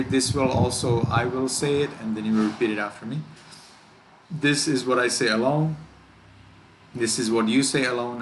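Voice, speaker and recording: A man who is a Buddhist monk, teaching a class how to pronounce chant words and drawing each word out slowly and carefully. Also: mid-range voice, noisy background. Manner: slow, careful, demonstrates words by drawing them out.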